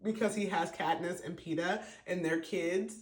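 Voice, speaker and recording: A man's voice: high voice, steady tone, moderate pace. A man hosting a podcast, giving a casual, emotional book review full of fillers and restarts. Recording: roomy echo.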